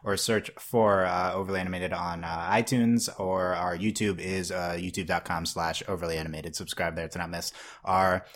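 A man with a very low voice hosts a casual animation podcast. He talks upbeat and chatty, dropping fillers as he introduces guests and plugs the show. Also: steady tone, moderate pace, a bit bright. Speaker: podcast host.

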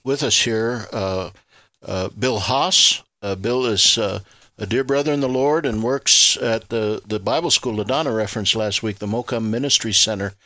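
A man who leads a ministry, introducing his guests slowly with many pauses and fillers. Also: lowish voice, sharp tone, no echo. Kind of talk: radio interview.

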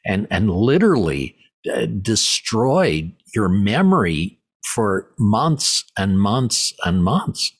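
Casting: middle-aged male host, very low husky voice, halting and emphatic. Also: sing-song. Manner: halting, repeats words, emphatic. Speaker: podcast host. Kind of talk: interview conversation.

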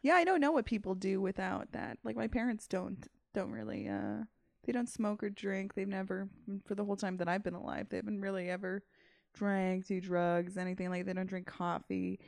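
A woman's voice: medium pitch, lively intonation, normal speed, creaky, dry recording, studio quality. A woman podcast host chatting casually, in a laid-back, rambling way. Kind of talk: casual chat.

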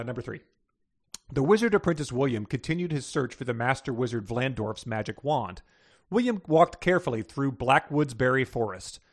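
A man hosting a quiz, reading story passages aloud and chatting casually. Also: mid-range voice. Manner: plain storybook reading, chuckles. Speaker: quiz host.

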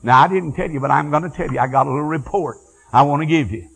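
An older man preaching a fiery revival sermon, moving from quiet storytelling to shouted praise. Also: a little high, fast, vocal fry, husky, rough recording. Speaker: evangelist.

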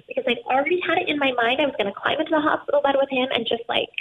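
A woman with a high voice tells a painful personal story, tearful and close to breaking. Her voice has a gravelly fry. She comes through a thin, phone-like line. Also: quick pace, a little hiss or hum. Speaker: guest.

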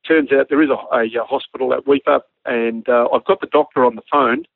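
A man with an Australian accent tells a story the way he would to friends, slipping into crisp radio-call voices and breaking into laughter. His voice is gravelly and sits at a middle pitch. It comes through a narrow, phone-like line that sounds dry and close. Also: a little fast, no echo. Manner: animated storyteller acting out radio calls, laughing often. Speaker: former army helicopter pilot telling a story. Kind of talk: casual anecdote.

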